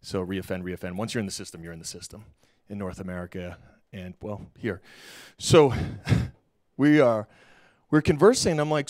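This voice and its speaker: A middle-aged man giving a keynote talk on stage, telling a story in a lively, casual way and acting out the dialogue with slang. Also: mid-range voice, moderate pace, no echo, studio quality. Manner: animated, acts out quoted dialogue, casual slang. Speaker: keynote speaker. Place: lecture hall stage.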